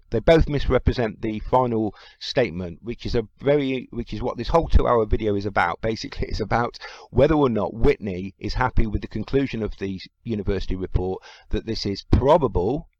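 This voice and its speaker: A man's voice: on the low side, darkish tone, dry recording, highs cut off. Sarcastic man commentating, dry sound. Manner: sarcastic, chuckling, picks apart wording. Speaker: commentator fact-checking an interview. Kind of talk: casual commentary over played clips.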